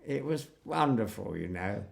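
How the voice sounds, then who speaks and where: An older man being interviewed, reminiscing in an animated storytelling way. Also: fairly low pitch, measured pace, vocal fry. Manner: animated storyteller acting out quotes. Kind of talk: reminiscing conversation.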